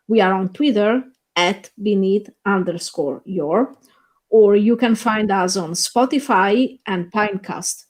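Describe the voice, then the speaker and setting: A woman co-hosting a podcast, giving measured, reflective opinions in a casual film chat. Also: mid-range voice, a little mellow. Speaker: podcast co-host.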